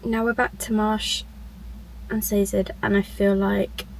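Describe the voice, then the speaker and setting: A woman's voice: mid-range voice, level tone, slow, vocal fry, a little hiss or hum. A woman vlogging her reactions while reading, chatty and emotional, often exclaiming. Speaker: book vlogger. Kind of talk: casual reading-reaction vlog. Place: at work on a lunch break.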